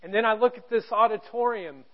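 Male pastor, sermon, storytelling, emphatic then hushed, dull lo-fi recording. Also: sits high, a little fast. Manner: storytelling, emphatic with sudden drops to a hush. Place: church auditorium.

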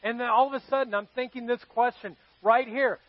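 Man, pastor, sermon, very high voice, conversational storytelling, dull recording. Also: fairly even intonation, fairly quick, no room sound. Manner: conversational storytelling, asks the audience questions. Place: church service with live congregation.

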